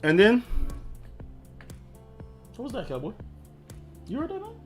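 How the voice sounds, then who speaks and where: A man's voice: very high-pitched, wildly swooping pitch, measured pace, faint music behind. A man hosting his own live stream in loose, rambling casual chat, swearing offhandedly and talking to himself as he clicks around.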